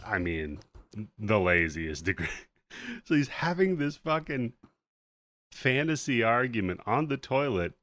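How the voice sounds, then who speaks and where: A man hosting a podcast, recapping a movie in casual chat with animated, profane storytelling. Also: mid-range voice, a little slow, long pauses, no room sound. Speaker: podcast host.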